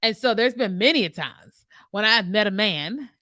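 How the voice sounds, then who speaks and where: A woman's voice: medium pitch, normal speed, dry recording, clean studio sound. A woman hosting a casual faith talk, reading out viewer comments and acting out both sides of her conversations with God. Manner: animated storytelling, acting out both sides of dialogues. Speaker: host answering viewer comments.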